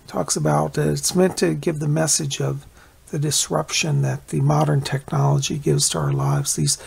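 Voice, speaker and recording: Gravelly, very husky man rambling. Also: a little high, a little mellow. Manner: rambling, with many "anyways" and restarts. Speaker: psychic vlogger. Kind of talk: casual vlog chat. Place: at home.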